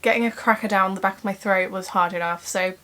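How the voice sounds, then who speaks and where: Teary young woman vlogging softly. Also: medium pitch, steady tone, quick pace. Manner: emotional, teary, soft-spoken. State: tearful. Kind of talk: casual personal vlog.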